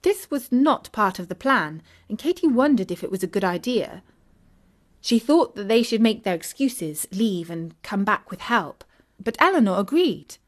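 A woman narrating a children's audiobook, clear and expressive. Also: medium pitch, normal speed. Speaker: storyteller.

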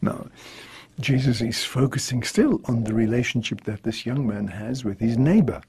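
Husky-voiced priest preaching. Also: male voice, medium pitch, moderate pace, darkish tone. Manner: earnest, reflective preaching. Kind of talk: scripture reading and homily.

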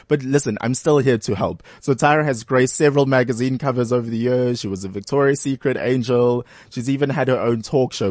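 A male radio host with a playful, teasing, chatty delivery. His voice sits at an ordinary middle pitch. The sound is close and dry. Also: fairly quick, hardly any pauses, darkish tone, no room sound. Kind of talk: casual radio chat.

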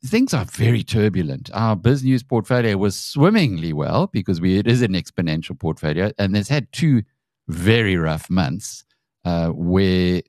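South African man, South African accent, interview host, very deep voice, long friendly questions. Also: a little mellow, no echo, clean studio sound. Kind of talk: conversational interview.

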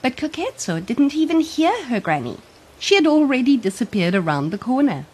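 A woman narrates a children's storybook aloud. Her voice is fairly high and a touch husky. Her pitch moves a lot, animating each scene for young listeners. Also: normal speed. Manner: expressive, animated read-aloud.

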